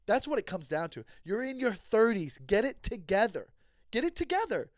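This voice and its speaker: High-pitched guy ranting and swearing on his podcast, dry close sound, plays both sides of the convo. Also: lively intonation, normal speed, no room sound. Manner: heated, ranting, profane; acts out both sides of conversations. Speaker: comedian and podcast host. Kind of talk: casual storytelling monologue.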